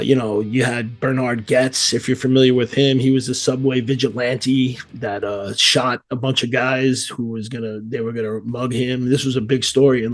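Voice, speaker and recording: A man from New York with a New York accent, a metal band vocalist chatting casually in an interview, rambling with many fillers and restarts. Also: mid-range voice.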